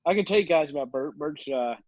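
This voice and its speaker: A man's voice: on the high side, lively intonation, fast talker, a little mellow, no room sound. A man in his twenties, a podcast guest, telling stories in a rambling, casual way, laughing often and using lots of fillers. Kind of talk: casual storytelling chat. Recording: dull, dry lo-fi recording.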